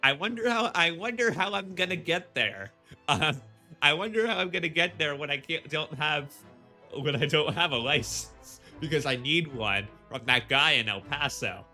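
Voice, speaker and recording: A man's voice: fairly high pitch, lively intonation, normal speed, pushed and bright, soft background music. Tense-voiced man rambling over a game. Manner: rambling, full of fillers and restarts, laughing often. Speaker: streamer playing a game. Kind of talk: casual game commentary.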